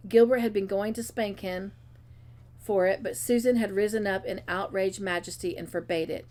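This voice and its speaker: A woman reading a classic novel aloud, giving the characters expressive voices. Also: medium pitch. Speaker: storybook reader.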